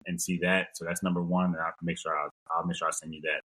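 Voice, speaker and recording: A young man, a sports coach, answering interview questions in a relaxed, thoughtful way with many fillers. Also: deep voice, quick pace, slightly rough, low-quality recording. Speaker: strength and conditioning coach.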